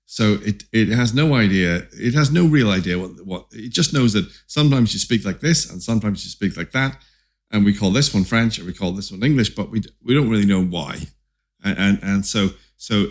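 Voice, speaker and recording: A man's voice: fairly low pitch, lively intonation, normal speed. A company founder talking as a podcast guest in casual interview style, often restarting and repeating words as he explains.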